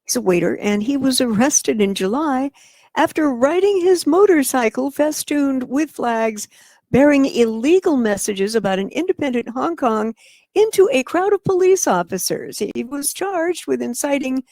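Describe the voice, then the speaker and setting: A woman co-hosting talk radio, reading news items and chatting about them. Her voice sits a bit high and has a gravelly edge. The sound is dry and close. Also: lively intonation, darkish tone, no echo. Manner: quick news reading with short affirmations. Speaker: radio co-host.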